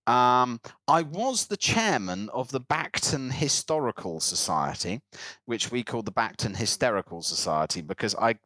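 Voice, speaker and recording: During relaxed podcast banter, a co-host speaking at a moderate pace in a mid-range voice recounts a long, animated story. He puts on voices for the characters involved, and there's no room sound.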